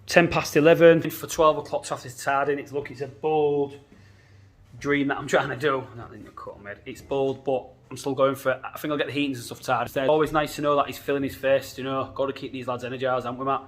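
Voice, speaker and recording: A man's voice: medium pitch, fairly even intonation, fast. A man vlogging from a building site as a plumber, talking casually about the job and joking with his crew. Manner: joking, teasing, laughs often. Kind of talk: casual site vlog with banter.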